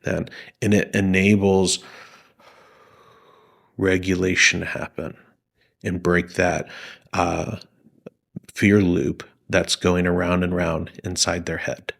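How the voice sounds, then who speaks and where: A man working as a therapist, explaining panic attacks in a calm teaching tone, slowing down to model a soothing voice. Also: sits low, creaky. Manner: slows down and softens to model a soothing voice. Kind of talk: explaining psychology to camera.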